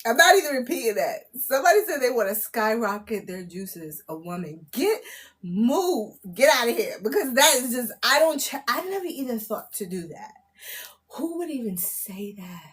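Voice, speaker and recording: A woman, chatting on a live stream as a spiritual reader, laughing often, loud and disbelieving, full of slang. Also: on the high side, big pitch swings, moderate pace. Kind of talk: casual live-stream chat.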